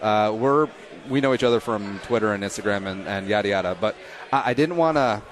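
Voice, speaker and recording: Joking man hosting a casual chat. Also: on the low side. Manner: joking, self-deprecating, quick asides. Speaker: podcast host.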